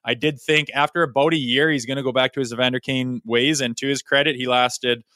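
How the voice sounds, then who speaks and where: A man's voice: mid-range voice, fairly even intonation, brisk, pushed and bright, dry recording, studio quality. A man, a former pro hockey player, giving blunt, opinionated takes in a casual sports podcast and swearing freely.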